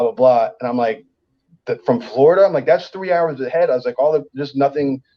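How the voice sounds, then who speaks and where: A comedian guest with a mid-range voice talks a little fast, and the recording has its highs cut off. He tells a story in casual, profane language, animated and acting out the voices of the people in it.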